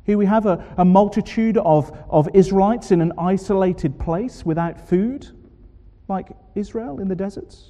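A man preaching a sermon, expressive and full of rhetorical questions. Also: high-pitched, moderate pace, dull audio. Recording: long hall reverb.

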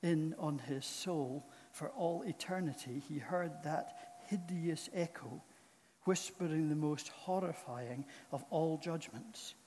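A man preaching a sermon in a church, speaking in a slow, solemn and earnest way. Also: on the high side, darkish tone, a little hiss or hum. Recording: long reverb of a large hall.

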